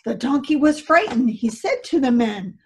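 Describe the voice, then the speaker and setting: A woman reading a rhyming story aloud at a church service, slow and expressive. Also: sits high, breathy edge, poor audio.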